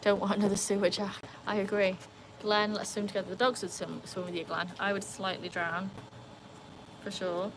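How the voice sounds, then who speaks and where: A woman's voice: mid-range voice, little pitch movement, a little fast, noisy background. A British woman streaming live from home with her dogs, chatting casually as she reads and answers the chat. She rambles, with plenty of "like" and "um". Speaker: live streamer, dog owner. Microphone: phone.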